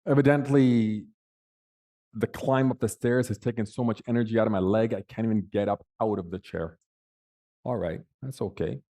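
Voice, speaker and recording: A middle-aged man giving a keynote speech, telling a personal story with dramatic pauses and acted-out quotes. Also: lowish voice, fairly even intonation, warm tone. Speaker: keynote speaker.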